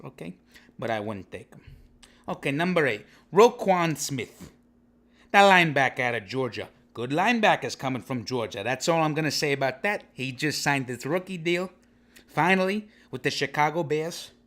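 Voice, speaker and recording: A man with a bright, forceful edge to his voice hosts a comedic sports podcast. He talks in brash, rambling wise-guy banter at an ordinary middle pitch, tagging his points with "okay?". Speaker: podcast host.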